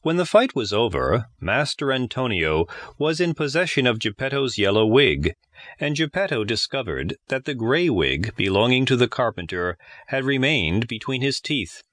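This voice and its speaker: A man narrating a classic children's storybook in a measured, expressive reading on a close mic. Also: medium pitch, no room sound. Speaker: audiobook narrator.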